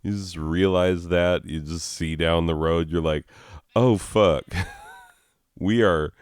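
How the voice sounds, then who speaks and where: Brief: deep, unhurried guy ranting over gameplay, swears a lot and chuckles at himself; smooth, dry close-mic sound. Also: fairly even intonation, dry recording. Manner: rambling and profane, laughing at own jokes. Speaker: schoolteacher. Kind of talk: casual gaming commentary.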